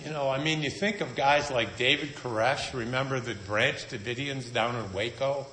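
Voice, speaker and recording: A man's voice: medium pitch, a little slow, pushed and bright, slight background noise. A man preaching a sermon in a conversational, storytelling manner with wry humor. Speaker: pastor. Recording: echoey room.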